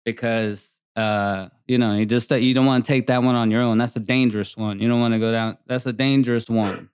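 Rambling man with a smooth voice. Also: mid-range voice, brisk, no echo, clean studio sound. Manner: rambling, animated storytelling with many fillers. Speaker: podcast co-host. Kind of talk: casual chat.

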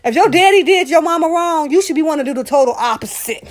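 A woman's voice: high voice, lively intonation, fast. A woman co-hosting a casual chat, ranting in a profane, comedic way.

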